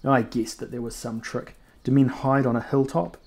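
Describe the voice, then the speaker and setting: A man's voice: medium pitch, little pitch movement, moderate pace, lightly acted. A man voicing a suspicious, scornful outlaw who scoffs and mistrusts everything in a storybook reading. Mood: doubtful.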